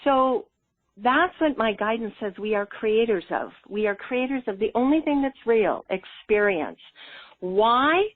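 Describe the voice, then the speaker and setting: A woman, a guest on the show, telling a story in an earnest, lively way and laughing often. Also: fairly high pitch, a little slow, dry recording. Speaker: interview guest, spiritual coach. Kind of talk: conversational storytelling. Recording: tinny phone line.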